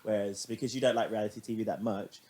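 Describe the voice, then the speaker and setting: Fast-talking, animated young man. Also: fairly low pitch. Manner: animated, laughing, swears casually. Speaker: podcast co-host. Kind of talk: casual chat.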